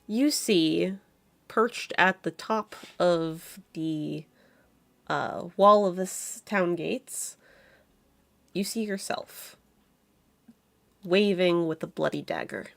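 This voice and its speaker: A woman running a tabletop game, describing each scene at a slow, careful pace. Her voice is slightly low, and the recording is dry with no room sound. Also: creaky, fairly bright tone, dry recording. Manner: slow descriptive narration with fillers. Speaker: game master.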